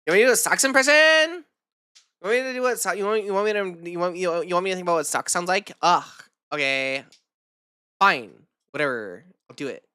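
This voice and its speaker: A woman's voice: lowish voice, lively intonation, fairly quick, sharp tone, clear, resonant tone, dry recording, clean studio sound. Rambling, swearing woman streamer. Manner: rambling, swears casually, talks to chat. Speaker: VTuber streamer. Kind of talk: casual game-stream chat.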